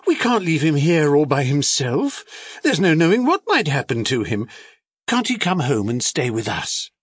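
A man voicing a kind, excitable middle-aged woman who fusses over a lost bear. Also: fairly high pitch, unhurried, slightly rough, voice pushed up, full character voice. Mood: fussing. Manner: fussing, exclamatory.

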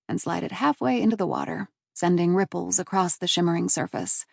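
A woman reading a first-person novel aloud as an audiobook narrator, in a warm and measured storytelling manner. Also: lowish voice, gravelly, no echo, studio quality.

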